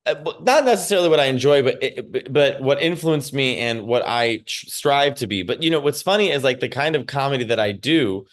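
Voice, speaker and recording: A man's voice: medium pitch, animated, brisk, few pauses. Man, Chicago accent, stand-up comic guest, conversational and rambling, remote call from home. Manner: rambling and conversational, many fillers and restarts. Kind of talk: casual interview chat.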